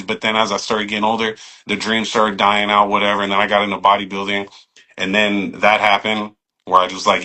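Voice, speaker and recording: Bright-voiced man telling stories. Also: on the low side, a little fast. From San Jose, California. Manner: animated, profane, acts out quoted speech, many fillers like "you know what I mean". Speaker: podcast guest, barber. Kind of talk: casual storytelling conversation.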